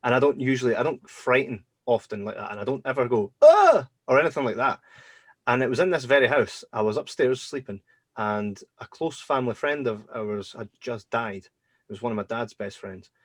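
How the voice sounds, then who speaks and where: A man hosting a podcast, telling personal stories in a casual, animated way and acting out his own reactions. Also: medium pitch, brisk, no room sound. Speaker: podcast host. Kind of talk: casual storytelling chat.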